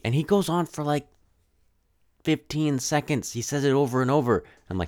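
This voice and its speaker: A man's voice: on the high side, normal speed, darkish tone, no echo, studio quality. A man giving a casual, rambling spoken film review. He sounds exasperated and sarcastic, and he often restarts his sentences.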